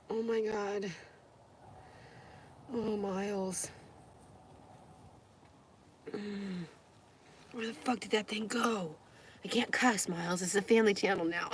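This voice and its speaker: A woman's voice: medium pitch, fairly even intonation, takes it slowly, pauses often, slight background noise. A woman live streaming, chatting casually and talking to her dogs, with squeamish outbursts.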